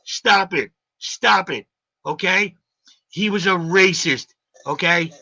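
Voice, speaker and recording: A man's voice: high voice, slow, pushed and bright, dry recording. A man hosting a live stream, ranting combatively in a heated argument and hammering his points with repeated questions. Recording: dull lo-fi stream audio.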